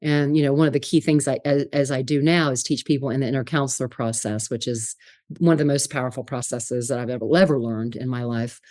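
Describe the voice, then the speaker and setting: A middle-aged woman, a spiritual psychologist, telling her story in an interview with animated, laughing delivery. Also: rumbling low, fast, no echo, studio quality.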